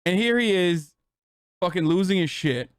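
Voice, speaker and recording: A man's voice: high-pitched, lively intonation, normal speed, clean tone, dry recording, studio quality. A man in his thirties telling a rambling, sarcastic, profane story on a casual livestream. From United States. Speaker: streamer.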